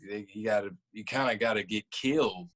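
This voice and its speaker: A man's voice: lowish voice, brisk, a bit bright. Laid-back man talking slangy trash. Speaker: guest. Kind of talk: casual sports chat.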